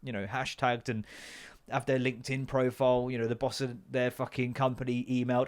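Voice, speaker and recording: A man's voice: mid-range voice, flat delivery, fairly quick. A man hosting a podcast, a stand-up comedian talking in a sweary, rambling comic rant.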